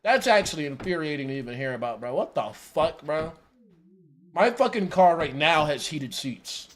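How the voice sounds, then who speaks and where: A man streams live, reacting to a video in casual chat and venting in exasperated, profane outbursts, constantly calling listeners "bro" and "dude." His voice is fairly high and fairly bright, expressive, at a moderate pace.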